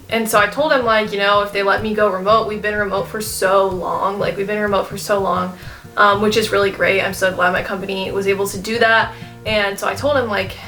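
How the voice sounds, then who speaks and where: A young woman chats to her camera in a loose, rambling way, full of fillers and restarts. Her voice is bright and clear, and she sounds emotional, close to tears. Soft guitar music plays faintly behind her. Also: mid-range voice. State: tearful, emotional. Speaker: vlogger. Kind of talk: casual chat to camera.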